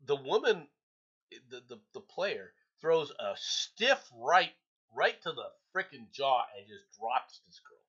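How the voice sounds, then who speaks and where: Animated man reading the news. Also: mid-range voice, takes it slowly, husky. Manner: animated, exclaiming, reads headlines. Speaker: podcast host. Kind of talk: casual news commentary. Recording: dull lo-fi sound.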